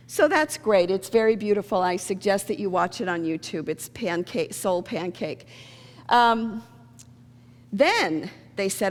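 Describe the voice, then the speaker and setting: A woman's voice: mid-range voice, animated, normal speed, long reverb tail. A woman minister giving a sermon in a conversational, storytelling way, acting out the people in her stories. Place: church sanctuary.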